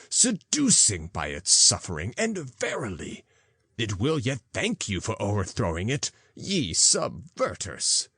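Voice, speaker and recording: Low-voiced guy reading an old book, slow and expressive, dry close sound. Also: dry recording. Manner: slow, deliberate, archaic. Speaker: audiobook narrator. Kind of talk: scripted narration.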